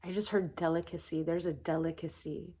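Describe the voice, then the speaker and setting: A young adult woman giving a channeled spiritual message in a calm, soft-spoken, meditative way. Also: low-pitched, brisk, husky. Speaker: spiritual reader.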